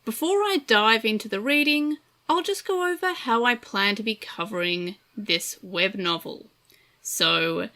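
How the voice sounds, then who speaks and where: A woman's voice: a little high, sharp tone. A woman with an Australian accent, talking casually as the host of a podcast, chatty and self-deprecating.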